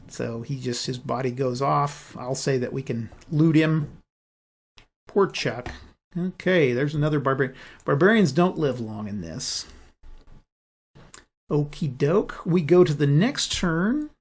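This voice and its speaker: A man's voice: a little high, lively intonation, faint music behind. A man narrating his own solo board game playthrough, thinking aloud as he rolls dice and moves pieces. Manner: unhurried, thinking aloud while rolling dice. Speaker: board game channel host.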